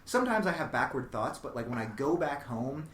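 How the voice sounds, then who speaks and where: A man, a comedian guest on a podcast, telling rambling, animated stories in a casual chat, saying "like" constantly. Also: medium pitch, a little fast, slight background noise. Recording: echoey room.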